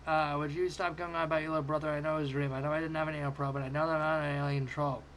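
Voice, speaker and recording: A man's voice: fairly high pitch, flat delivery, racing, fairly bright tone, a little hiss or hum, lightly acted. A man voicing a bratty cartoon boy who talks in a dismissive, whiny way.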